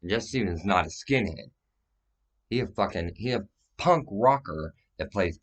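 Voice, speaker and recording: A man's voice: on the low side, expressive, normal speed. A man giving a rambling, profane, agitated monologue that jumps from claim to claim.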